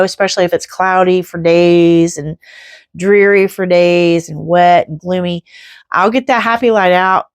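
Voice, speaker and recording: Brief: woman, fifties, faith vlogger, heartfelt rambling chat, mid-pitched, dry close sound. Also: no room sound. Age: 50s. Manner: earnest, rambling with restarts.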